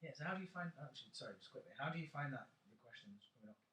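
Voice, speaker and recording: A man's voice: medium pitch, animated, racing, bright, forceful tone. A man co-hosting a casual podcast with friends, bantering easily and slipping into mock-announcer asides. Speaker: podcast co-host. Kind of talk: casual chat. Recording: echoey room, distant mic, faint hiss.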